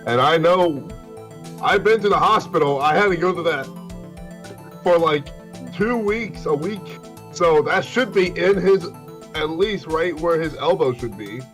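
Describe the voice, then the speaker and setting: A man's voice: fairly high pitch, animated, a little slow, fairly bright tone, faint music behind. Man thinking aloud during a game. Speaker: game player voicing characters. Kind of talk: casual let's-play chat.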